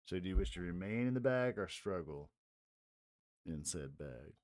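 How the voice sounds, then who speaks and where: A man's voice: low-pitched, expressive, normal speed, darkish tone, no room sound, clean studio sound. A man acting as game master, narrating a tabletop game in a loose, rambling way with frequent chuckles.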